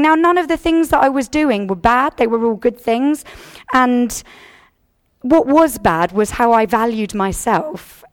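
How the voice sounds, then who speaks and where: A woman in her thirties from England, speaking to a church congregation and sharing a personal testimony in an earnest, conversational way with frequent restarts. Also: a little high.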